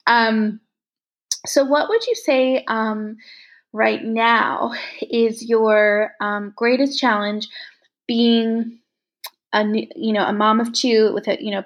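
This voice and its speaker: A woman hosting a casual podcast interview, affirming and gently encouraging her guest. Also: mid-range voice, dull audio. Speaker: podcast host.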